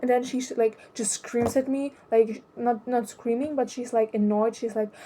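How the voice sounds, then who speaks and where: A young adult woman talking about her own life in a hesitant, halting way, often restarting her sentences. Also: a little high, fairly even intonation, mellow. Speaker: vlogger. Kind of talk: personal confessional monologue.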